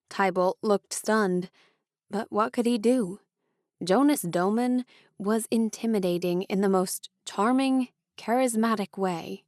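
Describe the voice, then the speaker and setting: A woman narrating an audiobook in a measured storytelling style. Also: medium pitch, fairly even intonation, dry recording, clean studio sound.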